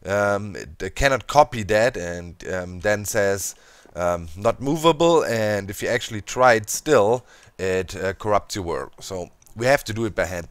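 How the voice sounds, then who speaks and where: German-accented man, gaming commentary, low pitch, lively swoops, dry close sound. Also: no echo. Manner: animated, playfully scheming, talks to viewers. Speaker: Minecraft let's play host.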